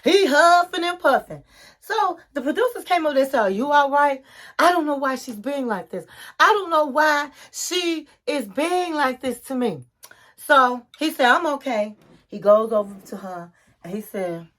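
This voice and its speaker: A woman casually recapping a reality show, acting out the people in it and adding gossipy asides. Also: normal speed. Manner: animated retelling, acting out what others said with big pitch jumps.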